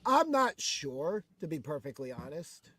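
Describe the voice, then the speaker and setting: A man with a notably high speaking voice, co-hosting a wrestling chat show. He breaks down matches eagerly and often adds "to be perfectly honest." He speaks in casual, animated bursts. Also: measured pace.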